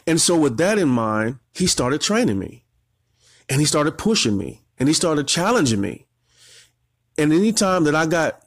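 A man's voice: a little high, no room sound, clean studio sound. A man in his forties, a marketing coach, giving an emotional motivational talk, holding back tears and repeating phrases as he tells his story.

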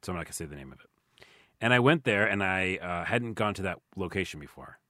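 A man's voice: low voice, animated, fairly quick, bright, forceful tone, dry recording, clean studio sound. A man hosting a podcast, chatting casually and telling playful stories. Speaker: podcast host. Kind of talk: casual chat.

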